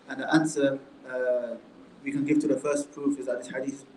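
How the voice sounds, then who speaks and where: A man's voice: mid-range voice, flat delivery, a little fast, darkish tone, a little hiss or hum. Man teaching in an echoey classroom. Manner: conversational, with many rhetorical questions and "right?". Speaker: Islamic studies teacher. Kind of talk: classroom lecture on a book. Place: indoor classroom. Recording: roomy echo, faint room ambience.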